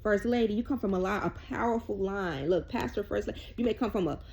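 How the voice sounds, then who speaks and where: Fast-talking emotional woman tarot reader. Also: mid-range voice, a little mellow. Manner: emotional, rambling, colloquial. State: tearful at times. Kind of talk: tarot reading.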